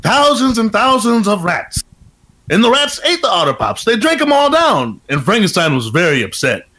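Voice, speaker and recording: Podcast cohost guy, high voice jumping around, jokey improv story. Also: big pitch swings, moderate pace, bright, forceful tone. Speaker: podcast co-host. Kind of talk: casual improv storytelling chat.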